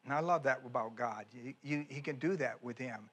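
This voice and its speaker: A man's voice: medium pitch, a little fast, fairly bright tone, slightly rough. A man preaching a sermon as pastor, folksy and emphatic, with chatty asides and repeated phrases. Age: older.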